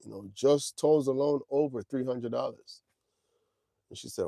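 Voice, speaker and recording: A man's voice: medium pitch, moderate pace, vocal fry, dark tone, dry recording. A man in his forties hosting a trucking livestream, talking casually and directly to his chat. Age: 40s. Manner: laid-back, talks straight to chat, drawls "man" and "y'all".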